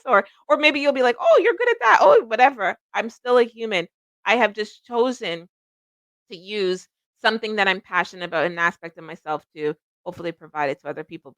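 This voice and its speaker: A woman's voice: mid-range voice, sharp tone, dry recording. A middle-aged woman hosting a psychic livestream, chatting casually and rambling, laughing at herself often.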